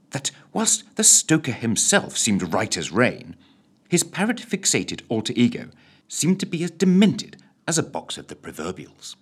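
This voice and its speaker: A man's voice: on the low side, a bit bright, husky. A man, reading a radio story in a theatrical, droll narration.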